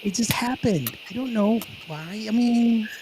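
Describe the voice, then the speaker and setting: A man from Texas chats as a host, telling stories with plenty of laughter. His voice sits somewhat high for a man. Faint ambient noise hums behind him. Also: a little slow. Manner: joking, laughs often, storytelling. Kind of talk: casual chat.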